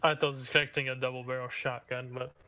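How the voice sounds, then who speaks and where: A man's voice: mid-range voice, flat delivery, fast, sharp tone, dry recording. A man playing a tabletop game, joking and teasing in casual chat at the table. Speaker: player.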